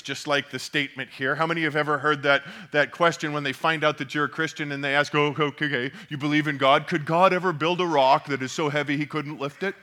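Bright-voiced man preaching. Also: on the high side. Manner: earnest, repeats words when building a point. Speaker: pastor. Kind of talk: sermon.

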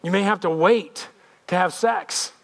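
High-voiced, emphatic preacher. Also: male voice, unhurried, creaky. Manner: emphatic, repetitive, conversational. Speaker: pastor. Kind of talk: sermon.

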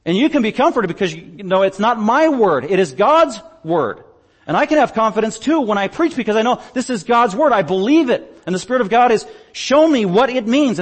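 A man's voice: high voice, breathy edge. Emphatic male preacher, rising and falling. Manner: emphatic, swings between loud declarations and quiet asides. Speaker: pastor. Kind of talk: sermon. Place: church stage.

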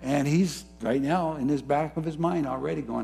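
A man preaching a sermon, moving between soft, low musing and rising, fervent emphasis. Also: moderate pace, gravelly. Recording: faint music behind.

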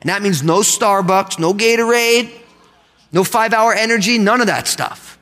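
A man preaching a sermon to his church, animated and leading the congregation in call-and-response. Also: high voice, moderate pace. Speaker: pastor. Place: church sanctuary. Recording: long hall reverb.

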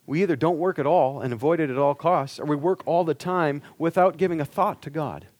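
A man's voice: fairly high pitch, brisk, darkish tone, no room sound. A male preacher giving an earnest sermon, pressing the listeners with rhetorical questions.

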